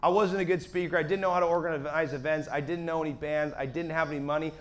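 Guy preaching, high voice, gets real animated and yells when he's stoked, asks the crowd stuff. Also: fast. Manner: animated storytelling, shifts from quiet to shouting when excited. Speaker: evangelist preacher. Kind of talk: sermon testimony to a live audience.

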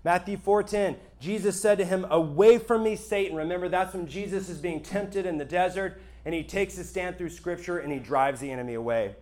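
A male pastor with a high voice preaches a sermon to a live audience. He sounds conversational and emphatic and keeps checking in with his listeners. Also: a little fast, few pauses, darkish tone.

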